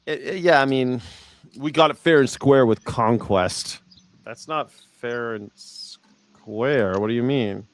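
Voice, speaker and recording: A man's voice: medium pitch, slow pace. A man hosting a livestream, chatting casually and reading viewer comments aloud with a rambling delivery. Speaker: livestream host. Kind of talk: casual political chat.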